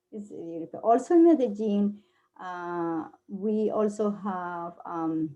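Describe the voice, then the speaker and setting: A woman with a Colombian Spanish accent talks through a casual presentation, stopping often to hunt for the right word. Her voice is mellow and dark-toned, set at a middle pitch. She sounds like someone speaking her second language. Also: lively intonation, muffled recording. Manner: halting, many fillers, searching for words. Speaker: guest presenter.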